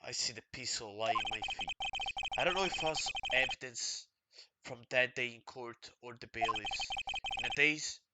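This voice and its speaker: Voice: normal speed, very noisy, close to an everyday voice. A streamer murmuring as a haunted brooding prosecutor. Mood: somber. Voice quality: low, hushed, somber reading.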